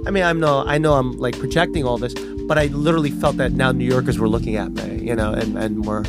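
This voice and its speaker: A man from New York, telling a personal story in an animated way and acting out the voices of the people in it. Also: medium pitch, quick pace, vocal fry, hardly any pauses, loud music behind the voice. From New York City. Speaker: storyteller guest.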